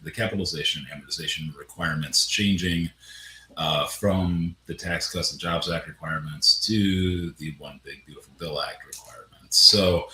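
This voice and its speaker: Low-voiced man presenting in an echoey room. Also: sharp tone, slight background noise. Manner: restarts and stammers often. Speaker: webinar presenter on tax credits. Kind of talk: conversational business presentation.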